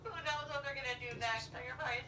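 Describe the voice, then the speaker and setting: A woman's voice: high-pitched, very fast, a crowd in the background. A woman chatting casually with the boys, teasing them with amusement. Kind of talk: casual chat. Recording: echoey room, far from mic, noisy.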